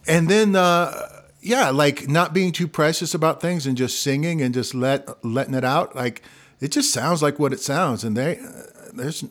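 Gravelly Midwestern man, high for his voice. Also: moderate pace, fairly bright tone. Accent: Midwestern American with a slight country twang. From Missouri, US. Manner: gravelly, laughs often, loose and swearing. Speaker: guest singer-songwriter. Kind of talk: casual conversation.

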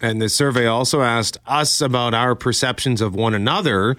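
A man's voice: medium pitch, moderate pace, a bit bright, no room sound. A Canadian man hosting a radio talk show, reading listener emails and phone numbers in an upbeat way. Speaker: radio host.

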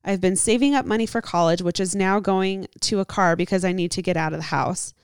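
Casual young woman podcaster, mid pitch, reads a letter and chats, dry mic. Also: fairly quick, clean tone, no echo. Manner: reads aloud with asides and laughs. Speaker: podcast co-host. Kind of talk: casual podcast chat, reading a listener letter.

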